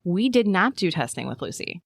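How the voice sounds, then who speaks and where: Low-voiced woman telling a story. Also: normal speed, vocal fry, husky, no room sound, clean studio sound. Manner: animated storyteller, acts out quotes in a high voice, many fillers. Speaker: podcast guest. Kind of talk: casual chat.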